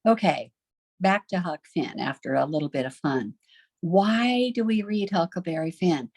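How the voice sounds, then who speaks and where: A middle-aged woman teaching a recorded homeschool literature lesson, chatty and lively, often putting questions to her class. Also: on the low side, moderate pace, no echo.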